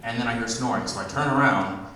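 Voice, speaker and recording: A man's voice: medium pitch, fast talker, slight background noise. Young man doing stand-up in an echoey club. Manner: animated storytelling, acts out voices. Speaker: stand-up comedian. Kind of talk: stand-up comedy set. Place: comedy club stage. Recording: distant, very echoey club room.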